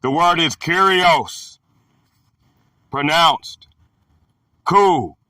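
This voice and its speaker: Slow, gravelly man teaching scripture. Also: on the high side, bright, forceful tone, no echo, clean studio sound, distant mic. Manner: halting, many filler pauses. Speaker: Bible study teacher. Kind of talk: Bible word-study lesson.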